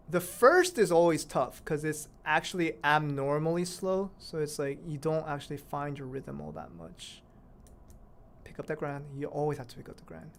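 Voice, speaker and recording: A woman's voice: low voice, steady tone, moderate pace. A woman streaming a mobile game, chatting casually to viewers and exclaiming at near misses. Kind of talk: casual live-stream commentary while playing.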